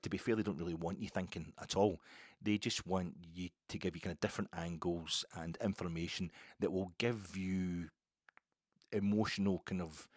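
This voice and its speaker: A Scottish man with a fairly low voice rants about football, his talk lurching from quiet musing to sharp, high outbursts. He sounds close to the mic in a dry, dead room. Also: no room sound. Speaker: football podcaster. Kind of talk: opinion monologue.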